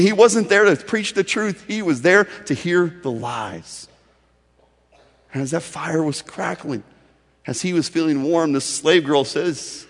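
A man preaching a sermon as vivid storytelling, his slightly higher voice rising urgently and then dropping to near a hush for effect. It carries a long reverb, as from a large hall. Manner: dramatic, swinging between urgent emphasis and hushed drops. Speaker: pastor.

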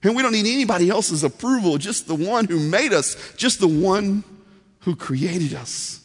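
A man's voice: high voice, animated, normal speed, breathy edge. A man preaching a sermon as pastor, telling a story in an earnest, conversational way. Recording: long reverb of a large hall.

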